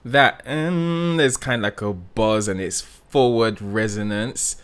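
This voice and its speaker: A man reacting as a vocal coach, breaking down a singer's technique in a relaxed, analytical way full of "like" fillers. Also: fairly low pitch, takes it slowly, clean tone, soft background music. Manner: analytical, with many "like" fillers, sings snippets to demonstrate. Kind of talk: reaction commentary.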